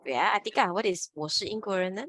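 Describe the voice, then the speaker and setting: A woman teaching an online Mandarin lesson, mixing English and Mandarin and giving steady praise and correction. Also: medium pitch, quick pace, dry recording. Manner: encouraging, switching between English and Mandarin, frequent praise.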